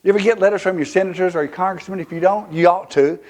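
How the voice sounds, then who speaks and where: Southern male pastor, fiery emphatic sermon delivery, slightly high voice. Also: racing. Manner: fiery, emphatic preaching that swings from loud to hushed. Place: church.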